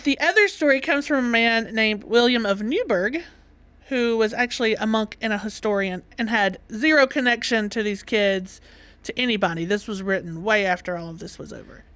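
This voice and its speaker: A woman's voice: on the high side, moderate pace, a bit bright, dry recording. A woman with a Southern US accent, co-hosting a podcast in casual chat and laughing often. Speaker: podcast co-host.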